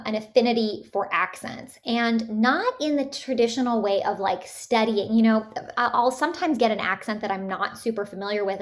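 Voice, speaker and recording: A woman from Canada, a voice actress, chatting casually in an interview with many fillers and restarts. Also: medium pitch. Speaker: voice actress guest.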